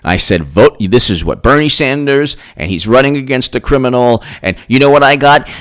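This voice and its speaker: A man with a mid-range voice rants alone on his own political commentary channel at a moderate pace. He is sarcastic, repeats himself and mocks others by putting on voices, rambling as he goes.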